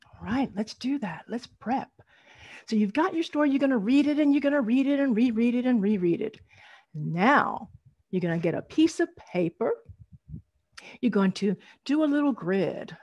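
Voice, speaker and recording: A woman presenting an online storytelling workshop for young tellers, speaking in an animated, teacherly way over a video call. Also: on the high side, no room sound, lo-fi sound. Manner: animated, teacherly, drawn-out emphasis.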